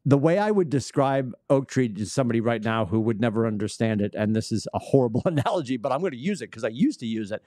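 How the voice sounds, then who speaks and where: A man with a New England accent hosting a casual sports podcast, animated and teasing, laughing often. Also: medium pitch, no room sound, studio quality. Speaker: podcast host.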